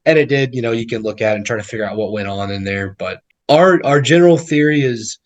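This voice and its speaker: Here a man with a medium-pitched voice talks at a quick pace. He's a guest who invests in real estate, and his storytelling is loose and wandering, with repeated words and acted-out quotes.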